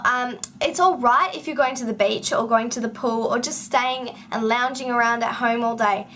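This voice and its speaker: A woman's voice: a little high, fairly bright tone, a little hiss or hum. An Australian woman chatting casually to camera as a vlogger, with lots of ums and sentences that rise at the end. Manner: chatty with frequent ums and rising ends of sentences.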